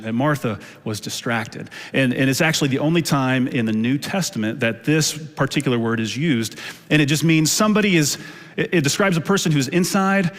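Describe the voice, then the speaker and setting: A man in his thirties preaching a sermon as a pastor, telling stories in a relaxed, conversational way and acting out quotes playfully. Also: mid-range voice. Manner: casual storytelling with playful acted quotes. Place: church auditorium. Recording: long reverb of a large hall.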